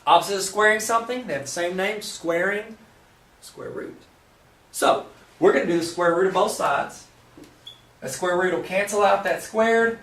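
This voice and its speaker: Jokey math teacher guy at the whiteboard, highish voice, roomy sound a bit away from the mic. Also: normal speed, fairly bright tone, recorded from a distance. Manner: playful, jokey asides to the viewer. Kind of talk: joking whiteboard math lesson. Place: room with a whiteboard.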